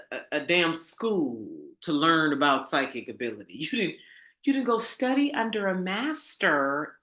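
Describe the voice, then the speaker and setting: A woman's voice: mid-range voice, a bit bright. A woman coach giving a casual motivational monologue, emphatic and preachy, swearing and calling her viewers girl. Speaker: spiritual coach. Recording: echoey room.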